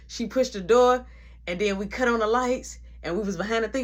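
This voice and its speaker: A man telling a casual storytime story, animated and conversational, with frequent asides. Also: very high-pitched, brisk.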